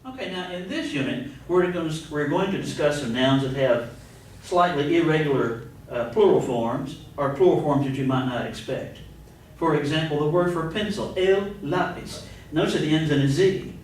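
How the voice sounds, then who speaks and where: A man teaching a Spanish grammar lesson, explaining rules slowly and deliberately and spelling words out letter by letter. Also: darkish tone. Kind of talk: recorded grammar lecture. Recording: very echoey room, distant mic, faint rumble.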